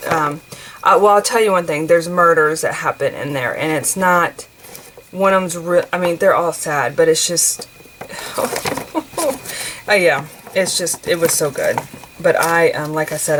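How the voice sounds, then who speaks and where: A woman's voice: on the low side, slight background noise, rough recording. A woman in her forties from the United States, chatting casually and rambling while she works on a craft journal. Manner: chatty and rambling, many fillers and restarts. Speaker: craft vlogger.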